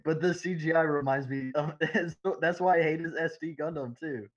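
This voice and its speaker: A man co-hosting a podcast, rambling through an animated, laughing retelling in casual chat. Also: fairly high pitch, normal speed, muffled recording. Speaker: podcast co-host.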